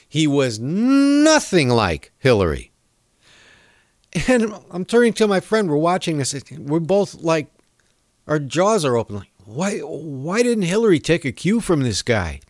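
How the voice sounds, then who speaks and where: A man's voice: on the high side, no room sound, clean studio sound. A man hosting his own show, giving rambling, sarcastic political commentary with the odd chuckle. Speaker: podcast host.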